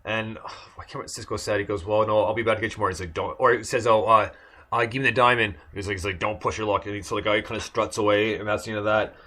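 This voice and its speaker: Here a male podcast co-host talks casually through an episode recap, wandering with many fillers and restarts. His fairly low voice stays level in tone, with a sharp edge and a quick pace.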